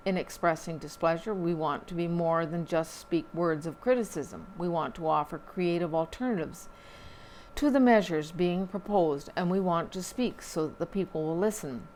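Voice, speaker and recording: A woman reading newspaper columns aloud, in a steady read-aloud manner with occasional slips and restarts. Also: lowish voice, slight background noise. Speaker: newspaper reader.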